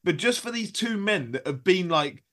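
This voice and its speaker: A man's voice: sits high, lively intonation, normal speed, fairly bright tone. A man co-hosting a podcast, chatting casually and mocking with amused storytelling. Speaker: podcast co-host. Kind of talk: casual chat.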